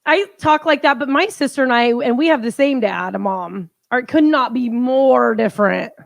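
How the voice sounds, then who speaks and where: Woman co-host, high and playful, close dry mic. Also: moderate pace, creaky, dry recording. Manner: teasing, laughs often. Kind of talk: casual live-stream chat.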